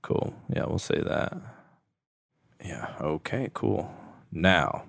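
A deep-voiced man co-hosts a laid-back podcast, joking while he sips and rates whiskey. His voice sits low, and the sound is dry and close to the mic. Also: slow pace, gravelly, no echo. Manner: relaxed, joking, rating whiskey aloud. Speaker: podcast co-host. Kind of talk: casual chat.

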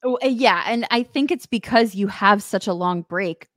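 A woman's voice: medium pitch, moderate pace, dry recording, studio quality. A woman co-hosting a sports podcast, chatting casually and thinking aloud. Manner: conversational, thinks aloud with fillers. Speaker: podcast co-host.

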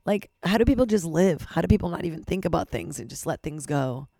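A woman hosting her own podcast, talking frankly and rambling, swearing and poking fun at herself, with a hoarse voice from losing it. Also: sits low, animated, quick pace, dark tone, no room sound, clean studio sound. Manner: frank, rambling, swears freely, self-deprecating. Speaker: podcast host. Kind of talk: candid solo podcast monologue.

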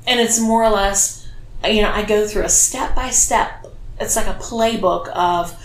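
A woman's voice: mid-range voice, a little slow. A woman co-hosting a podcast, chatting casually and teasing, drifting off topic as she goes. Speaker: podcast co-host, dominatrix. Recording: roomy echo with faint noise.

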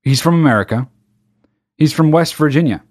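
A man's voice: a little high, brisk. A man hosting a podcast, ranting sarcastically and profanely as he reads a news story aloud. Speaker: podcast host. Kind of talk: casual comedic podcast rant.

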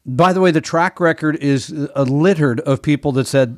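A man co-hosting a talk radio finance show, relaxed and teasing, laughing often. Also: a little high, moderate pace, hardly any pauses, no echo, studio quality. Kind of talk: casual talk radio banter. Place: Seattle.

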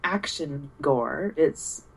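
Woman, lowish voice, dry matter-of-fact delivery, casual podcast co-host. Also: lively intonation, drawn-out words, gravelly, breathy edge. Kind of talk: casual movie chat.

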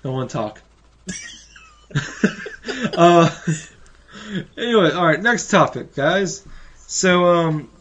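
Male podcast host, higher voice, lo-fi mic with faint hiss. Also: lively intonation, fairly bright tone. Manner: brisk, steers the topics. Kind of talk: casual gaming chat.

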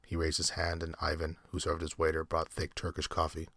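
A man's voice: a bass voice, completely flat delivery, fairly quick, creaky, a bit bright, no room sound, clean studio sound. A man reading a short story aloud at an easy pace, with small slips and self-corrections. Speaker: amateur story reader.

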